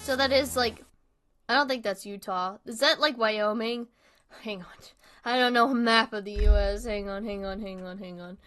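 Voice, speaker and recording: A woman's voice: mid-range voice, moderate pace, fairly bright tone. A young woman streaming a horror game. She reads the on-screen text aloud and rambles in a casual, self-deprecating way while eating dinner.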